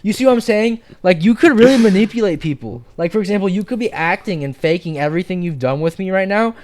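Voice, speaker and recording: A man's voice: sits high, animated, fast, darkish tone. A man hosting a podcast, loose and teasing, with slang and swearing. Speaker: podcast host. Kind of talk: casual podcast chat.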